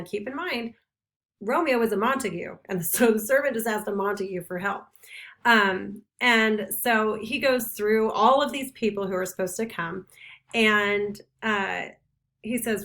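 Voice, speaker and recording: A middle-aged woman teacher casually retelling a play scene for her students, briefly putting on quick voices for the characters. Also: mid-range voice, expressive, a bit bright. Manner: chatty, paraphrases characters in quick put-on voices.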